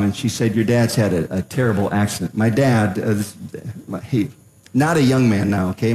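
An older man performs stand-up, storytelling with a voice that leaps high for punchlines and settles low and earnest for the serious parts. His pitch swings widely throughout. The sound carries a roomy echo from the venue. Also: a little mellow. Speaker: stand-up comedian.

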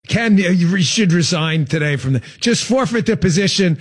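Sarcastic high-voiced male talk host. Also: normal speed, slightly rough. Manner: animated, sarcastic, mocking. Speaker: political talk show host. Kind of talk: sarcastic political commentary.

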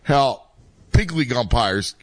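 A man's voice: mid-range voice, expressive, unhurried, no echo. Middle aged guy chatting about little league, rambly, dry close mic. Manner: rambling, many restarts, conversational. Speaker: youth baseball coach and father, co-host. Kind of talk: casual podcast chat.

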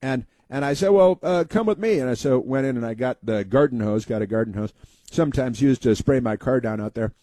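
Male talk radio host, rambling folksy storyteller, warm mellow voice. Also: mid-range voice, steady tone, no echo. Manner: halting, many uh fillers and restarts.

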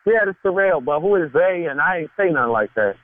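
A man's voice: animated, quick pace, no room sound. Angry man on a tinny phone line. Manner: angry, defiant, voice rising to high pitch. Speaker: prank call target. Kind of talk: heated phone argument.

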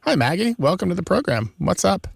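A man's voice: high voice, sing-song, fairly quick, vocal fry, slight background noise. A man hosting a radio call-in show about words, greeting callers and asking questions. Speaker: radio host.

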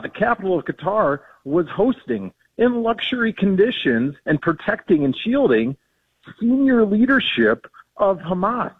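On a tinny phone line, a policy guest phones into a radio show, his voice a little high and slightly rough with no echo around it. He talks earnestly and with indignation, filling his speech with ums and starting sentences over.

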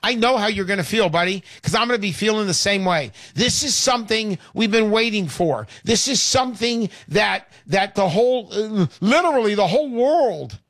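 A man hosting a call-in show, pitching with brash, hard-selling talk and lots of repetition. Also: animated, normal speed, hardly any pauses, fairly bright tone, no echo, clean studio sound. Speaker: radio show host.

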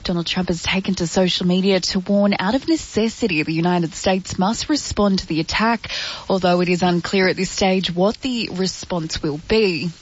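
A woman reading a radio news bulletin in a measured, formal way. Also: fairly low pitch, breathy edge. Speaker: newsreader. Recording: muffled broadcast with music bed.

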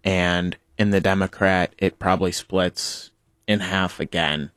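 A man's voice: low voice, fairly even intonation, a little slow, fairly bright tone, no room sound, studio quality. A seventeen-year-old guest on a talk radio show, explaining his views in an earnest way and backing them with numbers. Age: teens. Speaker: student guest.

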